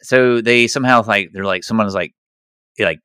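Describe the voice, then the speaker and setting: A man's voice: fairly low pitch, normal speed, bright, forceful tone, clear, resonant tone, no echo. A man co-hosting a podcast, chatting casually about a movie in a rambling way, with lots of fillers and restarts. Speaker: podcast co-host.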